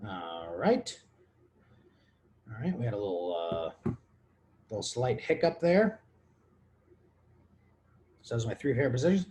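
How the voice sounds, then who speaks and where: A man's voice: medium pitch, very animated, measured pace, pauses often, dark tone, slight background noise. A man hosting his own podcast, drunk and rambling crudely through listener questions. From Texas. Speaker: podcast host. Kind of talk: casual comedic monologue answering listener questions.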